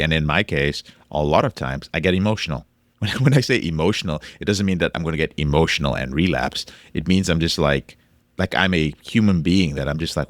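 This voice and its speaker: A man with an extremely low voice hosts a solo podcast, coaching listeners in recovery. He talks emphatically, repeats key phrases, and swears casually, and the recording has no room sound.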